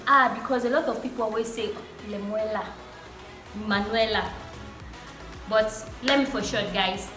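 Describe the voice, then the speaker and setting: A woman's voice: medium pitch, moderate pace, a bit bright. A young woman speaking as a guest in casual chat, shy and giggly. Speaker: guest, host's younger sister. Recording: echoey room with faint music.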